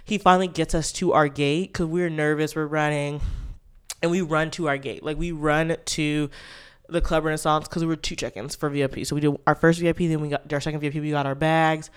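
A young man spins a rambling storytime vlog, talking casually and animatedly with constant "like" fillers. His voice sits a touch high and comes through smooth and clear. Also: flat delivery, fairly quick. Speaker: vlogger.

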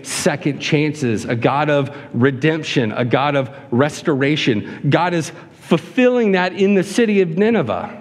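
A man preaching a sermon to a congregation, acting out whiny voices with a raised pitch. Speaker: pastor. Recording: long hall reverb.

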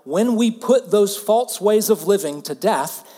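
A man in his thirties from Alabama with a Southern US accent, preaching a sermon earnestly and dropping to hushed softness for emphasis. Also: high-pitched, lively intonation, unhurried, big-room sound. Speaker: pastor.

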